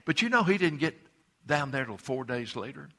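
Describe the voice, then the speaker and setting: A man preaching a sermon, emphatic, with frequent repeated words and big swings between loud declarations and hushed, earnest passages. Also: medium pitch, very animated, normal speed. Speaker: pastor.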